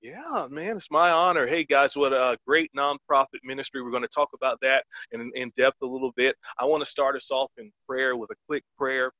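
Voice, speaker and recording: A man's voice: mid-range voice, fairly quick, hardly any pauses, pushed and bright, no echo, lo-fi sound. A man hosting a Christian podcast, talking earnestly and eagerly, opening with a prayer and reading verses, with many fillers. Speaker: podcast host.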